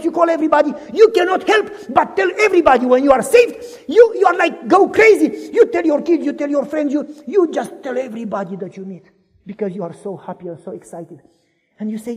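High-voiced preacher in an echoey hall. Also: male voice, brisk, husky. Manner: animated, acts out dialogue in voices, asks audience questions. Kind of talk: sermon. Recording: echoey hall, long reverb.

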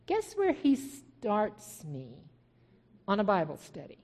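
A woman's voice: medium pitch, wildly swooping pitch, slow pace, darkish tone. A middle-aged woman minister shares her personal testimony from the pulpit. She tells the story with animation and acts out the back-and-forth of remembered conversations. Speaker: Christian minister.

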